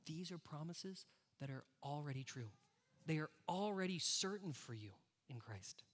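A pastor preaches in a fairly high, easy voice, talking with his congregation rather than at them. He checks in with quick questions. His tone is casual and direct. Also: expressive. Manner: conversational, addresses the congregation directly. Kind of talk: sermon.

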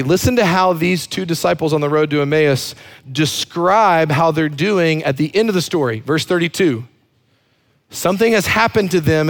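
A man preaching a sermon as a pastor, emphatic and fond of repeating words for effect. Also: on the high side.

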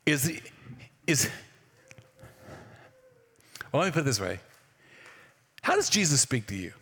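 A man's voice: medium pitch, big pitch swings, measured pace, fairly bright tone, slightly rough. A man preaching a sermon in a conversational way, often asking the congregation questions. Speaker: pastor. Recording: reverberant church hall.

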